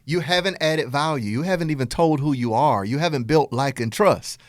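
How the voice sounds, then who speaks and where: A middle-aged man with a Southern US accent, hosting a podcast and giving an energetic motivational business talk in a playful, animated way. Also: a little high, normal speed, dry recording. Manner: animated, playful, acts out dialogue in quotes. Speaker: podcast host and business coach.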